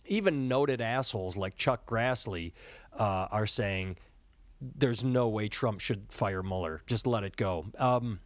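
Low-voiced man hosting a podcast. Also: takes it slowly, no room sound. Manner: rambling, profane, self-mocking, lots of fillers. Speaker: podcast host. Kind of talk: casual political chat. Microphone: handheld recorder.

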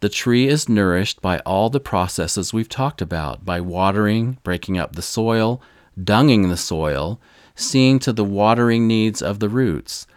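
A man giving a measured, earnest devotional talk with scripted storytelling. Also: lowish voice, animated, no room sound, studio quality. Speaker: religious speaker.

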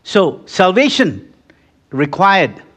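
A man preaching a sermon, telling everyday stories with acted-out quotes and building to loud, fervent exhortation. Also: high voice, big pitch swings, slow. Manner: acts out little scenes with quoted voices. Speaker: pastor.

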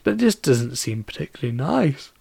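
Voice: medium pitch, unhurried, gravelly, dry recording. A podcast host chatting casually alone about a film, rambling with constant fillers and restarts, and tired and yawning.

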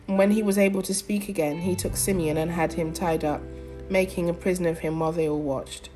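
A young adult woman preaching, praying earnestly with pauses and reading scripture aloud. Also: fairly low pitch, steady tone, over music. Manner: earnest, fervent prayer with pauses and fillers.

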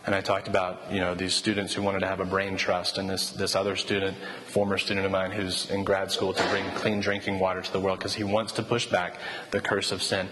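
A low-pitched man preaches a sermon in a casual, storytelling way, speaking fairly quickly. He conversationally and animatedly acts out quoted dialogue, in a reverberant hall with faint ambient noise.

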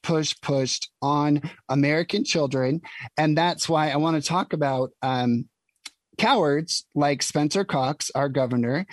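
Indignant man with a dry, high-ish voice. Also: no echo. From Utah. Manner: indignant, emphatic, with frequent ums and you-knows. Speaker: political commentator. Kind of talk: opinion monologue.

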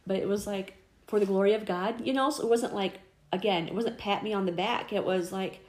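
A woman's voice: mid-range voice, brisk, roomy sound. A middle-aged woman telling a personal faith story in casual conversation. She is earnest and chatty, with many fillers, and acts out the voices she quotes. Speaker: interviewee.

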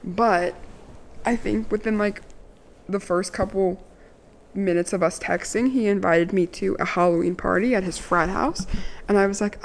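A woman's voice: mid-range voice, unhurried, slight background noise. A woman in her early twenties from Maryland, telling a candid, sassy storytime with casual profanity and a lot of "like". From Maryland, USA. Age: 20s.

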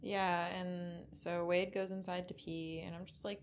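A woman's voice: fairly low pitch, flat delivery, unhurried, slight background noise. A woman co-hosting a casual film recap, chatty and sardonic, swearing freely. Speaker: podcast co-host.

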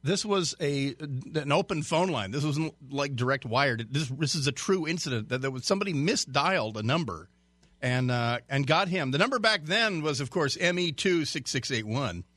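A man's voice: a little high, lively intonation, moderate pace, a bit bright, no echo. A man guest-hosting a radio talk show, reading a news story in a chatty way with stumbles and jokey asides. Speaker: radio fill-in host.

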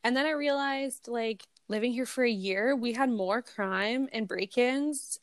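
A young woman with a Canadian accent chats bluntly on a podcast, swearing freely and laughing often. Her voice sits a little high. The recording is close and dry. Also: a little slow, no echo. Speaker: podcast co-host. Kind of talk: casual chat.

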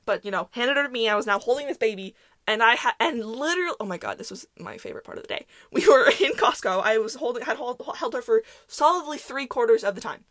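Animated and fast-talking, a young woman with a slightly high, somewhat bright voice tells stories alone on her podcast. She rambles chattily, uses plenty of fillers, and laughs often, with no room sound in the recording.

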